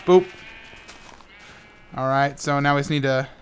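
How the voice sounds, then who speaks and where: A man's voice: medium pitch, fairly even intonation, measured pace, a little hiss or hum. A tired young man, host of a gaming channel, rambling with many stammered restarts and playful sound effects while building in Minecraft. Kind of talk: casual talk while playing Minecraft.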